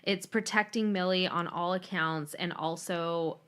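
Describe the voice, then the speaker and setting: A woman co-hosting a podcast in casual chat, laughing often and animated. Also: on the low side, measured pace, smooth. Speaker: podcast co-host.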